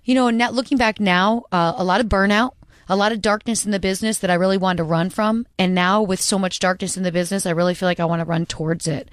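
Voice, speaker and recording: A woman's voice: mid-range voice, fairly even intonation, fast, no echo, studio quality. A woman guest on a radio talk show, talking in an earnest, upbeat way about her work. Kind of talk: casual interview chat.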